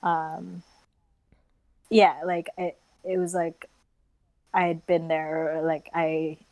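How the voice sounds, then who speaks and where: A young woman with an American accent talks in a loose, chatty way, full of fillers and laughter. Her voice sits on the low side, and the recording is dry and close. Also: monotone, slow pace, darkish tone, dry recording, low-quality recording. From United States. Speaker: guest, travel blogger. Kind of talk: casual chat.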